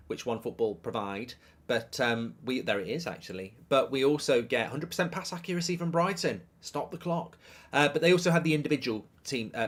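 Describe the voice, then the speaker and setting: A man's voice: medium pitch, fairly bright tone. Middle-aged guy rambling and swearing through a live football watchalong, reading out viewer messages. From England. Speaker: host.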